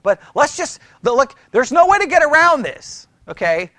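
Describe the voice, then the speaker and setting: Male pastor, sermon-lecture; high pitch, dry sound; animated, quizzes the congregation, stumbles and restarts. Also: normal speed, no room sound. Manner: animated, asks the room questions, mimics critics; restarts and repeats words often. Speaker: pastor teaching church history. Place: church meeting room.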